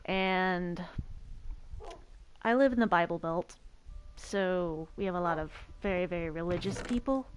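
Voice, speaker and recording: A woman's voice: fairly low pitch, measured pace, long pauses, slight background noise. Rambling woman streamer, stammering. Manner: rambling storyteller who stammers and repeats words. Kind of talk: casual chat while playing a survival game.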